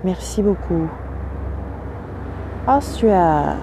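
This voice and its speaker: A woman's voice: lowish voice, lively intonation, very slow, creaky, noisy background. A French-accented woman hosting an early-morning phone livestream outdoors, greeting viewers in French and English with a voice that is still sleepy. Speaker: livestream host. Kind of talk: casual live-stream chat. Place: outdoors on a windy seaside morning.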